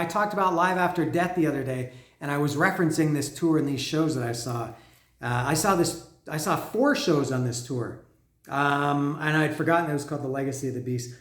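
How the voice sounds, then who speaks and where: A man casually talking through an unboxing of records, rambling and excitable, swearing freely and restarting his sentences. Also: on the high side, echoey room. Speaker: vinyl record vlogger. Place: lives in Mexico.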